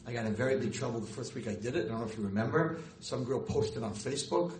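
A middle-aged man, a rabbi and teacher telling stories in a lecture, animated and jumping high and loud when acting out scenes. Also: fast talker. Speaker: rabbi and girls' school teacher. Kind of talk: storytelling lecture to an audience. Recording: roomy hall with faint noise.

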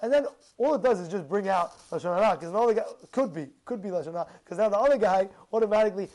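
Male speaker, informal sermon, animated and questioning, stumbles and repeats as he goes. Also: high-pitched, quick pace, few pauses. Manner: animated, full of rhetorical questions; repeats and restarts words. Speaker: religious speaker. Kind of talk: informal religious talk.

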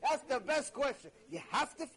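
A man teaching a religious ethics lecture in an animated, conversational way. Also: very high voice, moderate pace, rough recording. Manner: animated, conversational, with sudden jokes.

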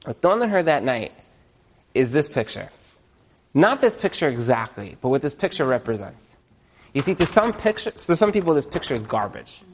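A man speaking to an audience, telling a story in a chatty, animated way with lots of fillers and repeated words. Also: mid-range voice, normal speed, slightly rough. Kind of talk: lively storytelling talk.

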